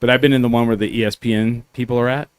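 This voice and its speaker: A man's voice: medium pitch, fairly even intonation, very fast, clean tone, dry recording. A man co-hosting a podcast, telling rambling anecdotes in casual chat and swearing freely. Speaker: podcast co-host.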